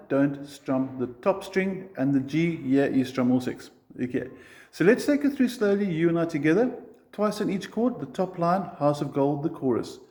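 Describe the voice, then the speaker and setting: Male guitar tutor, patient and clear, counts along, slightly higher voice. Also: darkish tone. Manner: patient, counts beats aloud. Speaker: guitar teacher. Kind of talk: guitar lesson.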